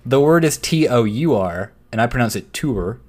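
A man's voice: mid-range voice, lively intonation, normal speed, a little mellow. Young man laughing through a casual podcast chat. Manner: laughs often, playful teasing; reads aloud from a list. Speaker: podcast co-host.

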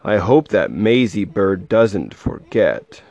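A man reading aloud gives voice to a kind, patient storybook elephant who speaks slowly and steadily. The voice sits low but moves with plenty of lilt. It comes through a dry, dull lo-fi recording with no room sound. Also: big pitch swings, a little mellow, exaggerated voice. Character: gentle faithful male elephant, patient and kind.

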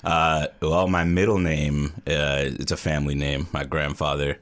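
A man in his thirties from New York's Hudson Valley, a podcast guest telling stories in a relaxed way with dry humor. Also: measured pace. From Hudson Valley, New York. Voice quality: deep, rich voice. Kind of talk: casual interview chat.

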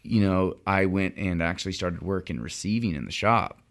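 A man's voice: deep voice, moderate pace. A young man, a fly fishing guide, chatting casually on a podcast with lots of fillers and restarts.

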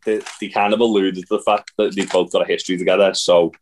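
A man with a somewhat low voice recaps wrestling in easy casual chat. He rambles, filling his talk with ums and likes. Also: little pitch movement, fast talker. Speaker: podcast co-host reviewing wrestling.

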